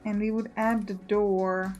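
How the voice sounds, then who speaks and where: A woman's voice: mid-range voice, flat delivery, unhurried, a little mellow, dull audio, soft background music. A woman giving casual let's play commentary, thinking aloud and correcting herself as she plans.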